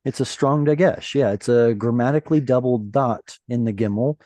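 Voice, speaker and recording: A man's voice: mid-range voice, normal speed, mellow, dry recording. A man teaching a Hebrew reading class over a video call, patient and encouraging, explaining step by step.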